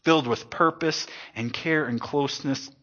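A man preaching a sermon to his congregation, swinging between loud emphatic lines and hushed, soft ones. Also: fairly high pitch, moderate pace. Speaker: pastor. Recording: dull lo-fi sound.

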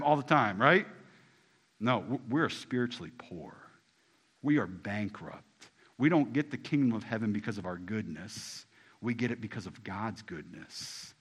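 Bright-voiced pastor preaching with big swings. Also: male voice, mid-range voice, expressive, moderate pace, husky. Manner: swings from hushed to loud and rising, talks directly to the congregation; casual everyday phrasing. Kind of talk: sermon.

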